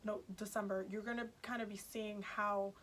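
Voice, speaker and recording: A woman's voice: medium pitch, level tone, normal speed, a bit bright, slight background noise. A woman giving a casual, chatty tarot reading to her viewers, emphatic and repeating herself, with many fillers. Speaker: tarot reader.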